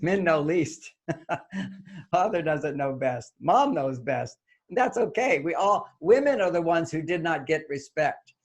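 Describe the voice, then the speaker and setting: A man's voice: a little high, unhurried. An older man, a guest author in an interview, explaining his ideas and acting out little dialogues as he goes. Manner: animated, acts out little dialogues. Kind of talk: interview conversation.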